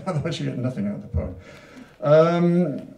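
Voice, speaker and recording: A man's voice: on the high side, a little slow, gravelly, warm tone. A male poet introducing and reading his own rhyming poems, chatty in his asides and rhythmic in the verses. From Wales. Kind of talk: poetry reading with spoken introductions. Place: literature venue hall. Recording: roomy, distant mic.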